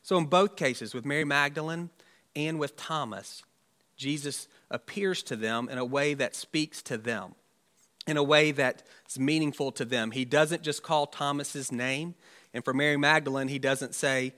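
A man's voice: fairly high pitch, measured pace, a bit bright. A man, a pastor, preaching an Easter sermon in a conversational, musing way with rhetorical asides.

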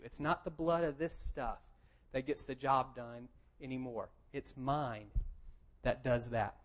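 A man's voice: medium pitch, fairly even intonation, a little slow. A man preaching a sermon, explaining plainly and quoting scripture with emphasis. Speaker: pastor.

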